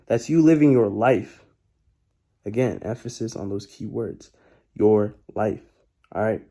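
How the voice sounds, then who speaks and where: A man's voice: lowish voice, normal speed, dark tone. A young man giving casual motivational life advice in a laid-back, slangy way, often repeating his key points.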